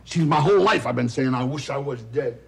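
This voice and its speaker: An actor playing a loud, wisecracking, self-pitying middle-aged talent agent in a 1970s television drama. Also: male voice, mid-range voice, lively intonation, a little fast, vocal fry, a crowd in the background. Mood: bitter. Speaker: theatrical agent.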